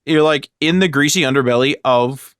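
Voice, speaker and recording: A man's voice: mid-range voice, moderate pace, fairly bright tone, no room sound, clean studio sound. A man casually chatting about video games on a podcast, rambling with lots of fillers. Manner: rambling, filler-heavy, acts out voices when retelling. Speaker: podcast co-host.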